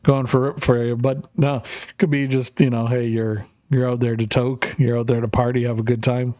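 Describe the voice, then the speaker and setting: A man's voice: medium pitch, level tone, normal speed, a little mellow, no room sound. Male Canadian streamer, loose profane banter over gameplay, close dry sound. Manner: rambling, profane, jokey. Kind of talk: casual chat while gaming.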